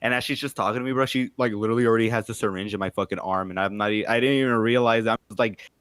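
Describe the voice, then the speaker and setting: A young man with a lowish, smooth, clean voice, rambling through a story in casual podcast chat. He swears freely and leans on fillers, recorded close and dry. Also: fairly even intonation, very fast, a bit bright, no echo. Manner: loose, profane storytelling, full of fillers. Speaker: podcast co-host.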